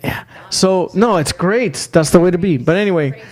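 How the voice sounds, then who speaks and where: A man with a somewhat high voice holds forth in a loose podcast conversation. He tells brash, crude stories full of swearing and leans hard on his punchlines by stretching them out. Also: expressive, normal speed. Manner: crude, boastful storytelling with heavy swearing. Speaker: podcast co-host. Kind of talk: casual podcast chat.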